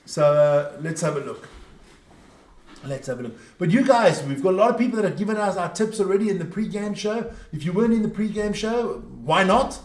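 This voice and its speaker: A man's voice: high-pitched, expressive, fairly quick, darkish tone. Jokey South African man, echoey room. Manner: jokey, rambling banter. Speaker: rugby watchalong co-host. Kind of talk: casual sports chat.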